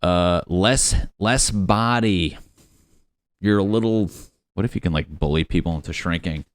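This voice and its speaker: Deep-voiced man ranting solo on a podcast. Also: a little slow, no room sound, studio quality. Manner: profane, rambling, jokey with put-on quote voices. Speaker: podcast host. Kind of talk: solo comedic podcast rant. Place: his apartment on a lunch break.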